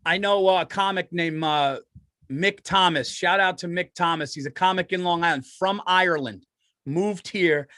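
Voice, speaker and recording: A middle-aged man, a comedian co-hosting a podcast, telling stories in an excitable, profane way and laughing as he talks. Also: high-pitched, normal speed, no room sound, studio quality. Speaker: stand-up comedian and podcast co-host. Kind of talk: casual podcast chat.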